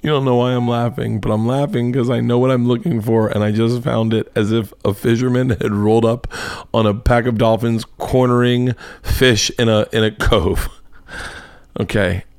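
A man's voice: medium pitch, fairly even intonation, moderate pace, darkish tone, clean tone, dry recording. A man hosting a comedy podcast, rambling and swearing as he riffs on videos he watches. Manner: profane, rambling, laughing. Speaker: podcast host. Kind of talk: casual comedic commentary.

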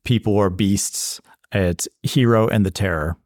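A man's voice: on the low side, a little slow, darkish tone, dry recording, clean studio sound. A man co-hosting a casual film-review podcast, talking playfully with frequent stammered restarts. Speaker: podcast co-host.

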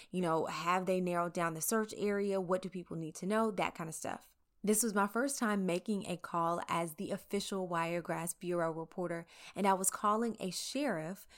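A woman reporter from the American South narrating her own story in a candid, conversational way with wry asides. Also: fairly low pitch. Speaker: local TV reporter. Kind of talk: scripted first-person narration.

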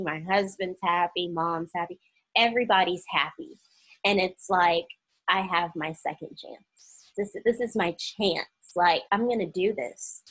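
A woman's voice: fairly low pitch, unhurried, fairly bright tone, slightly rough, poor audio. A young woman candidly telling a personal story, emotional and open, acting out the voices of people she quotes.

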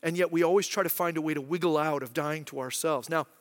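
A man's voice: fairly high pitch, steady tone, fast. A man in his thirties preaching a sermon as pastor, conversational and often asking "right?". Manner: acts out quoted voices. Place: church hall. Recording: long hall reverb.

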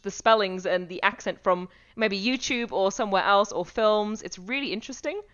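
A woman's voice: mid-range voice, moderate pace, a bit bright, highs cut off, slight background noise. A woman who teaches primary school music, talking in a casual podcast chat with frequent restarts. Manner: chatty, with frequent restarts and light laughs.

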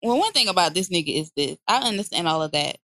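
A woman's voice: lowish voice, lively intonation, fast, a bit bright, no room sound, studio quality. A woman co-hosting a casual podcast, talking bluntly and profanely and laughing often. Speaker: podcast co-host.

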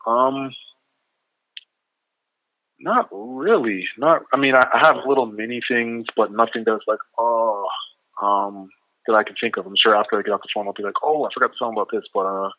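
A Canadian man with a low voice and a relaxed Canadian accent talks loosely as a guest, with lots of fillers. He comes through a tinny, dry phone line. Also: normal speed, dry recording. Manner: easygoing, rambling with many fillers. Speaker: rapper guest. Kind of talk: casual interview over the phone.

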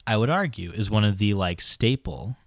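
A man's voice: lowish voice, expressive, moderate pace, no echo, studio quality. A man co-hosting a podcast in casual chat, teasing and playful. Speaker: podcast co-host.

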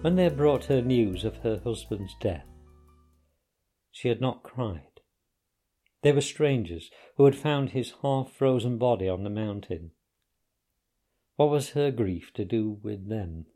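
A man calmly narrating a story in a measured, unhurried way. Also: medium pitch, soft background music. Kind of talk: audiobook narration.

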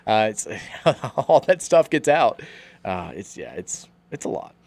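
A man's voice: fairly low pitch, big pitch swings, a little mellow. A man hosting sports talk radio, reading listener texts and arguing about college basketball coaches. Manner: reads listener texts aloud, fast and argumentative.

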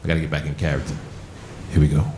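A man's voice: rumbling low, level tone, racing, dark tone, reverberant. A man doing a laid-back, drawling stand-up bit on a club stage. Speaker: stand-up comedian. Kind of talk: stand-up routine. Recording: live club recording, crowd and noise.

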